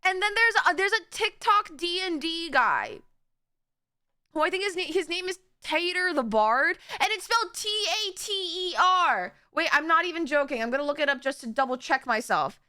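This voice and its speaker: A woman's voice: extremely high pitch, very animated, normal speed, bright, forceful tone, no room sound, clean studio sound. A young woman from Florida chatting casually on a stream, rambling and giggling as she talks. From Florida, USA. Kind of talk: casual reaction stream chat.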